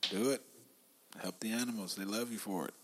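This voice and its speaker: A man co-hosting a relaxed podcast chat. He talks loosely, laughs often, and swears freely. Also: lowish voice, brisk, slight background noise. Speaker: podcast co-host. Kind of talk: casual chat.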